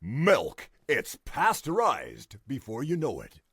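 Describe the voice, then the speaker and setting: A man's voice: medium pitch, wildly swooping pitch, slow, a bit bright, slightly rough, no echo, studio quality, heavily acted. A man voicing a goofy male show host who tells corny jokes and laughs at them. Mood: jokey. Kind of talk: comedy double act.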